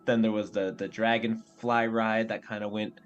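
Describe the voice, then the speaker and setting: A man's voice: fairly low pitch, level tone, normal speed, muffled recording. A man, a game player, chatting casually and enthusiastically about favorite moments. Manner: enthusiastic, rambling. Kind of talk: casual chat.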